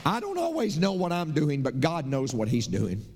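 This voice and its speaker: Folksy middle-aged preacher in a reverberant church. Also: male voice, fairly high pitch, wildly swooping pitch, normal speed, slight background noise. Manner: folksy storytelling preacher, swings from loud emphatic lines to soft confiding asides. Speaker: pastor. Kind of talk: sermon. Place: church sanctuary.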